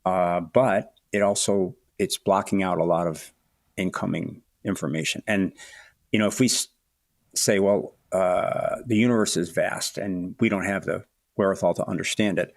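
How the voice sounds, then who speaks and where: A man in his sixties, a guest author in a podcast interview, speaking reflectively with halting restarts. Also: low-pitched, no room sound, clean studio sound. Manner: thoughtful, halting, many restarts and "you know"s.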